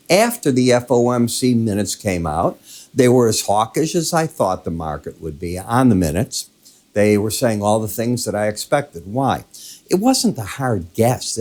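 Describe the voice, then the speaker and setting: A man's voice: medium pitch, a little mellow. An older man hosting a daily financial market wrap-up in a conversational, emphatic way, coughing now and then from a lingering illness. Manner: conversational, emphatic, walks through charts. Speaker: market commentator, host.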